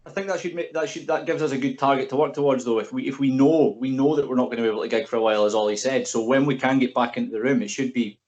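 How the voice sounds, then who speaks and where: A man, a band member guest, who talks rapidly in a casual interview and often repeats his words. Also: medium pitch, steady tone, darkish tone, muffled recording.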